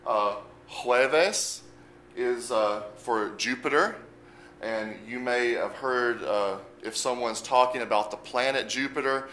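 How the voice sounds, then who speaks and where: A man at a middle pitch talks slowly and patiently, like a teacher walking through a lesson and spelling each word out letter by letter. His voice rings around an echoey room, and a faint hum sits underneath it. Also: a bit bright. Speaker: Spanish teacher. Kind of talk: unscripted language lesson.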